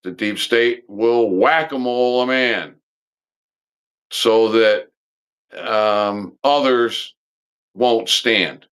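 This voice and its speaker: A man hosting a live stream, talking in a rambling, halting monologue full of pauses and restarts, blunt and occasionally swearing. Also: mid-range voice, fairly bright tone, clear, resonant tone.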